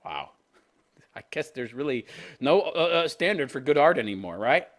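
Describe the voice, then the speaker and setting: This commentary channel host, a man in his fifties, reads a news story aloud and mocks it with crude, sarcastic jokes, laughing at his own lines. His voice sits at a medium pitch with big swings, and he moves at a moderate pace.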